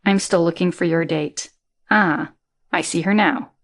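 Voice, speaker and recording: A woman voicing an eager, friendly man in a sci-fi audiobook, in a low-pitched voice. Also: unhurried. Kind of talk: audiobook character reading.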